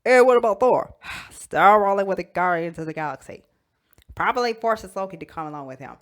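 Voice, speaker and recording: A woman hosting a toy channel, telling a fan story in a casual, animated way with frequent giggles. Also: mid-range voice, brisk.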